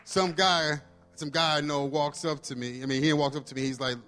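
A man's voice: on the high side, steady tone, a little fast, a bit bright, faint music behind. A man preaching a testimony sermon, telling his story casually and acting out the dialogue.

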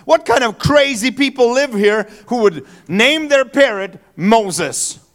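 A man's voice: very high voice, expressive, takes it slowly, fairly bright tone, heavily acted. A man voicing a startled burglar in a told joke, sounding incredulous. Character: startled male burglar caught in the act.

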